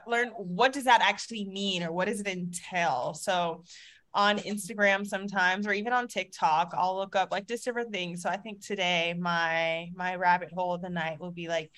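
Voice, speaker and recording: A woman chatting casually about parenting, talkative and full of fillers. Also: lowish voice. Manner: chatty, lots of fillers, animated retelling. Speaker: podcast co-host, parent. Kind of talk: casual chat.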